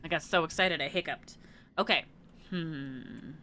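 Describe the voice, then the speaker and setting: A woman's voice: deep voice, a little slow, pushed and bright, slight background noise. A woman streamer chatting casually while playing a video game, thinking aloud and trailing off into murmurs. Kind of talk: casual let's-play commentary.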